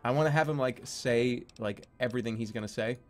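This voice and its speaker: A man's voice: mid-range voice, brisk, soft background music. A young adult man streaming a game in casual commentary, laughing often, exclaiming and swearing freely.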